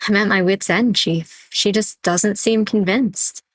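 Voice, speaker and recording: A woman's voice: medium pitch, steady tone, measured pace, dry recording, lightly acted. A woman voicing a loyal, fretful young male helper who sounds hesitant and unsure.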